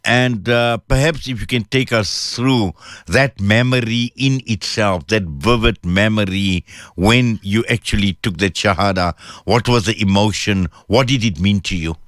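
A male interviewer asking a question slowly and deliberately, with many pauses and fillers. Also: lowish voice, a bit bright, no room sound, clean studio sound. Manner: slow, measured, many fillers.

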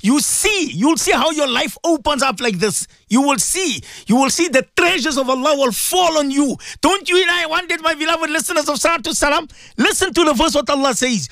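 A man's voice: extremely high pitch, expressive, normal speed, pushed and bright, no room sound. Male radio preacher, fervent and pleading, repeats lines for emphasis, dry close sound. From South Africa. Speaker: Muslim cleric hosting a radio show. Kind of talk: impassioned radio sermon.

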